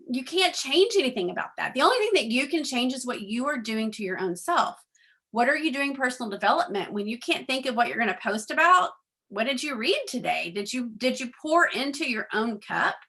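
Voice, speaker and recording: A woman giving a chatty motivational talk to her sales team, full of fillers and acting out conversations. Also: high voice. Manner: chatty and animated, many fillers, acts out quoted dialogue. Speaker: direct sales leader speaking to her team.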